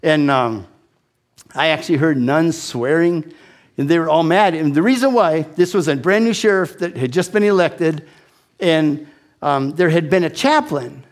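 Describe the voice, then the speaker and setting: A man in his sixties telling a personal testimony as an animated, self-deprecating storyteller with frequent restarts. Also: fairly high pitch, a little slow. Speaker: speaker giving a testimony.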